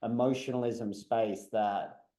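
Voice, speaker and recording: A man's voice: medium pitch, fairly even intonation, takes it slowly, dark tone. A man, talking bluntly and heatedly as a podcast guest, swearing freely. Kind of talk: casual podcast chat. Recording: echoey room.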